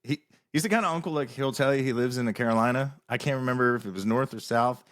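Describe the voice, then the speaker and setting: Easygoing podcast host, halting speech. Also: male voice, medium pitch, a bit bright. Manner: easygoing, halting, searches for words. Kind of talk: casual podcast chat.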